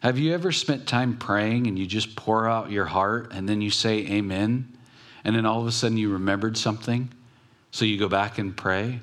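A pastor giving a conversational sermon, telling stories with pauses and restarts. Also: male voice, fairly low pitch.

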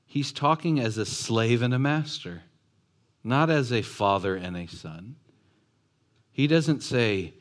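A man's voice: fairly low pitch, expressive, normal speed. A man preaching a sermon who acts out the voices and asks his congregation questions. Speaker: pastor.

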